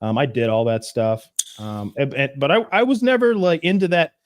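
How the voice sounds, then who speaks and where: A man's voice: medium pitch, moderate pace. A man from the southern United States chatting as a podcast co-host, rambling through stories with swearing and restarts. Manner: rambling storyteller, profane, full of restarts. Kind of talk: casual chat.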